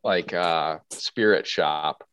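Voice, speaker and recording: Playful low-voiced podcast guest man. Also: extremely slow, a bit bright, clean tone. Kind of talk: casual podcast conversation.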